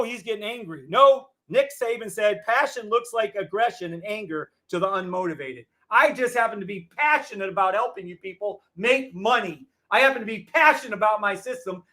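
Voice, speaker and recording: High-pitched guy ranting on his live trading stream, loud and sweary, bright sharp voice. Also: lively intonation, fairly quick, hardly any pauses. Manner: loud, profane, combative. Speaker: trading show host. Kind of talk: heated livestream rant.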